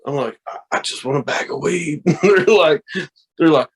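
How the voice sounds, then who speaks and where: A man's voice: a little high, normal speed, slightly rough. A man from the American South, a podcast guest telling stories in casual, profane chat and acting out other people's voices. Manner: animated, profane, acts out quoted voices.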